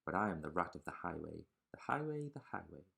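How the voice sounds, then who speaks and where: A man voicing a greedy, bullying male rat highwayman in a storybook reading, gruff and swaggering. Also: very animated, brisk, fairly bright tone, heavily acted.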